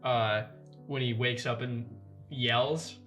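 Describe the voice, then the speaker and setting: Casting: mid-pitched man as a slow, hesitant tabletop player, light music underneath. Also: fairly even intonation. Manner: hesitant, lots of "like", quiet. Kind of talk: tabletop role-play, casual.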